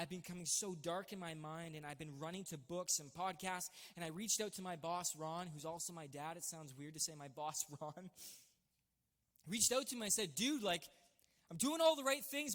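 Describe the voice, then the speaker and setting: A man giving an emotional personal testimony as a church site leader, earnest and halting with frequent restarts. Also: fairly high pitch, fairly bright tone, big-room sound. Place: church stage.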